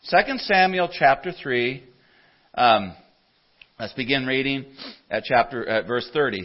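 An earnest man preaches a sermon in a church, his voice swelling loud for scripture and sinking soft for his stories. His voice sits in an ordinary middle range. The church recording sounds dull and lo-fi. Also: mid-range voice, expressive, measured pace, pauses often.

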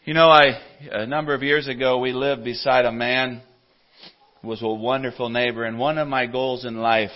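An earnest man preaches a sermon in a church, his voice swelling loud for scripture and sinking soft for his stories. His voice sits in an ordinary middle range. The church recording sounds dull and lo-fi. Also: mid-range voice, fairly even intonation, normal speed.

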